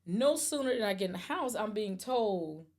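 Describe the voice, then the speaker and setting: A woman's voice: medium pitch, normal speed. A woman on a podcast, telling a personal story casually and animatedly, with restarts and stammers when it gets emotional. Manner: animated, acts out the quoted voices. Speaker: podcast host.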